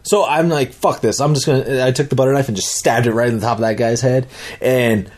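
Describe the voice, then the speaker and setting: A man's voice: medium pitch, fast talker. A young man casually recounting a vivid dream, rambling and swearing as he goes. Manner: rambling, swearing, lively retelling with restarts. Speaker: dad telling a dream. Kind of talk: casual storytelling.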